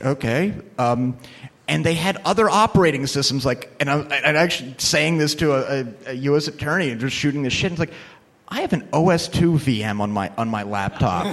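A man's voice: fairly high pitch, animated, brisk, a bit bright. A man who is a lawyer, giving a casual, anecdotal talk on computer crime law, acting out quoted voices. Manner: casual and profane, many fillers. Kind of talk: conference talk with audience Q&A.

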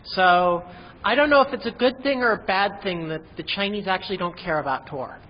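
Researcher guy on a panel, dry self-mocking jokes, slightly high voice, echoey hall sound. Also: fairly quick. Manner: wry, self-deprecating. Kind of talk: casual panel discussion. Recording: dull recording in a reverberant hall.

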